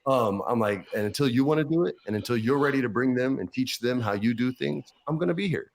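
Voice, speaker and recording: A man's voice: mid-range voice, fast talker, gravelly. Profane storytelling man in his forties. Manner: animated, profane anecdotes, acts out others' lines. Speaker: podcast guest. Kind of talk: casual storytelling.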